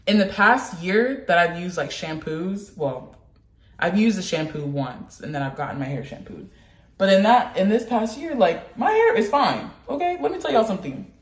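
Chatty woman vlogger, roomy echo. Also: fairly low pitch. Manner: chatty, rambling, animated outbursts. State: sick with the flu. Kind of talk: casual chat.

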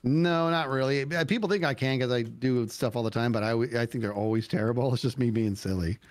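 A man's voice: medium pitch, fairly quick. A man in his forties playing a game with a friend, silly and playful, full of singsong sound effects. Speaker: guest co-player. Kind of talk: casual gaming chat.

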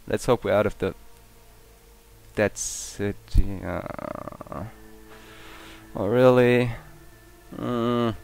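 A man who is a bit sick, giving excitable let's-play commentary and swearing often. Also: lowish voice, drawn-out words, gravelly, long pauses, soft background music. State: sick, coughing. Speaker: gamer. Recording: noisy game audio.

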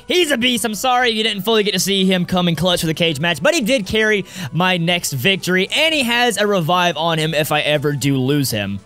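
Young man, gaming host, high bright voice, lively swings in pitch, chatty, laughs a lot. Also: fairly quick, few pauses, faint music behind. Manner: excitable and chatty, laughs often. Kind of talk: gaming commentary.

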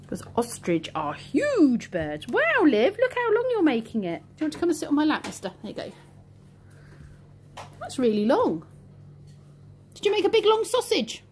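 A woman's high voice bounces all over the place as she coaxes little children through a play session. She talks in a sing-song, encouraging way, like a patient teacher keeping toddlers engaged. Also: huge pitch swings, normal speed, long pauses, a little hiss or hum. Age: adult. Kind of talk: playful talk with toddlers.

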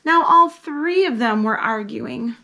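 Lively woman reading a children's story. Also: a little high, takes it slowly. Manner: lively and expressive, teaching a hand sign and acting out the story's characters. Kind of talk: reading a picture book aloud to children.

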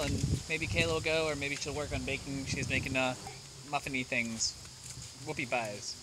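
Young pa dad vlogging on a cold walk, talky and upbeat, lots of outdoor hiss. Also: male voice, a little high. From Pennsylvania. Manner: chatty, upbeat narration on a walk. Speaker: family vlogger. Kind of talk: casual chat to camera. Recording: outdoor camera audio with steady background noise.

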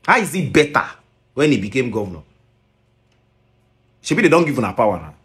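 A man's voice: medium pitch, big pitch swings, a little fast, a bit bright. A man with a Nigerian accent scolding in a commentary video, mixing Pidgin and English and firing rhetorical questions.

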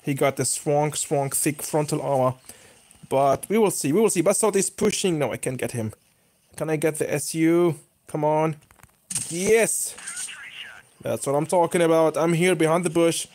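A gaming YouTuber with a fairly high-pitched voice talks at a moderate pace over his own tank gameplay. The young man reacts excitably, with sudden cheers and groans as the match goes on.

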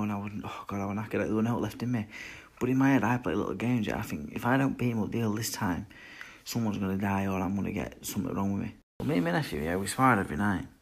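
A boxer in his twenties with a lowish, gravelly voice answers fan questions in a casual chat. He's blunt, swears, and rambles.

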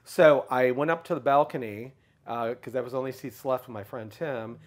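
A middle-aged man speaks at an ordinary, middle pitch while telling a long story in a relaxed interview. He is animated and lively, and now and then lifts his voice to act out another person's words. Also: normal speed. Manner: animated storyteller, acts out others' lines in a raised pitch. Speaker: guest speaker.

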